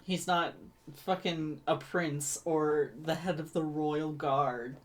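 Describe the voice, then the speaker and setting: A woman's voice: sits low, steady tone, slow. A woman co-hosting a comedic book chat, heckling and laughing along. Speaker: book podcast co-host.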